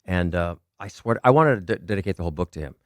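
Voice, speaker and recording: Fast-talking man telling rambling stories. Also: sits low, lively intonation, dry recording, clean studio sound. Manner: rambling storyteller, swears freely. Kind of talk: casual chat.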